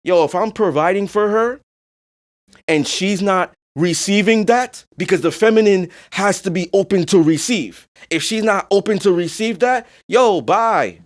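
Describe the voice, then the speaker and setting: A podcast host whose voice sits high, talking at normal speed through a casual monologue. He swears a lot, hits his points bluntly and emphatically, and keeps saying "you know what I'm saying."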